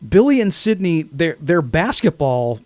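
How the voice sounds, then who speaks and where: A man with a slightly high voice talks through a movie on a podcast, jumping into the characters' lines as he goes. The sound is dry and close to the mic, with no room around it. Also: measured pace, no room sound. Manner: animated retelling of scenes, quotes characters. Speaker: podcast co-host. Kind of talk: casual movie podcast chat.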